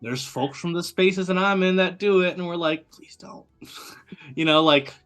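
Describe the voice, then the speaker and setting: A man's voice: high voice, smooth, faint music behind. A young adult man from the United States, a guest talking animatedly in a casual chat, with lots of fillers. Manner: animated, quick and chatty, many fillers.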